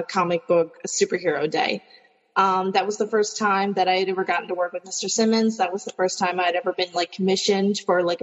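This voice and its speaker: Hesitant woman, dull distant reverb. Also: mid-range voice. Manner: hesitant, many fillers. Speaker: panel guest, artist. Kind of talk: casual panel chat.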